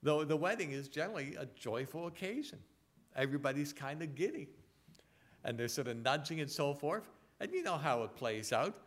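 A man preaching a sermon in a conversational way, asking rhetorical tag questions and reading scripture slowly and deliberately. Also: on the high side, lively intonation. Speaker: pastor.

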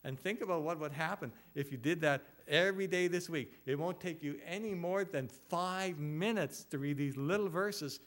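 A man's voice: fairly high pitch, normal speed, hardly any pauses, a bit bright. Earnest man preaching a sermon. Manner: earnest, rhetorical questions, repeats phrases for emphasis. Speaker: pastor. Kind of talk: expository sermon.

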